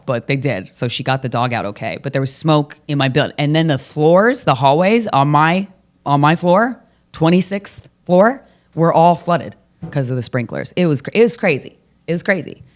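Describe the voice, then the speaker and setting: Brash, profane woman comedian with a deep voice, hosting her podcast as she riffs through a story, jumping suddenly into loud highs. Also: animated, normal speed.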